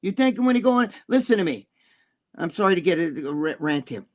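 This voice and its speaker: A middle-aged man, ranting loudly and profanely as a podcast co-host. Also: sits high, big pitch swings. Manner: loud, profane, fast-shifting rant.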